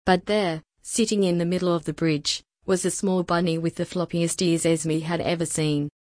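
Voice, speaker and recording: A woman narrating a children's storybook in a gentle, soothing bedtime manner. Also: fairly low pitch, level tone, moderate pace, no room sound, clean studio sound.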